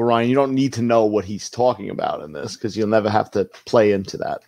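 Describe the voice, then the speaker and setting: A man's voice: lowish voice, fairly quick, vocal fry, darkish tone, dry recording. A man co-hosting a podcast, chatting in an easygoing, wry way and laughing often. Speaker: podcast co-host. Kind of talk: casual podcast chat.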